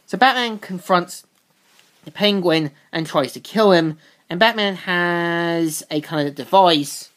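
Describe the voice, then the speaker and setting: A woman's voice: on the low side, takes it slowly. A woman reviewing a comic book, recapping its plot in a casual, rambling way with loose restarts.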